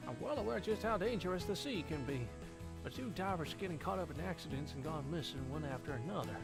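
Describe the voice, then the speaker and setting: A man's voice: on the high side, expressive, quick pace, over music, voice pushed up. A man voicing a stern, stubborn woman from the island, blunt and firm as he reads a game aloud.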